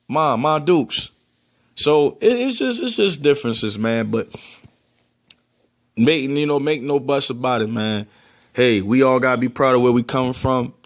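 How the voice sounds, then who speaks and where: A man from Baltimore with a Baltimore accent, rambling casually to the camera with lots of fillers. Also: mid-range voice. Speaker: vlogger.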